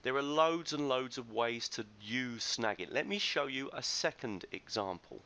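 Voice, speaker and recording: A teacher trainer gives a screencast tutorial on a computer microphone, his mid-range voice expressive, bright and forceful at a moderate pace. He explains in a chatty, enthusiastic way with loose restarts.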